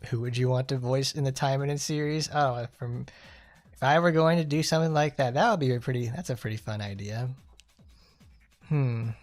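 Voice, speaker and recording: Casting: chatty male streamer, mid-pitched, loose rambling commentary, faint music under it. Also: normal speed. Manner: rambling, chatty, laughs often. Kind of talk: casual gameplay commentary.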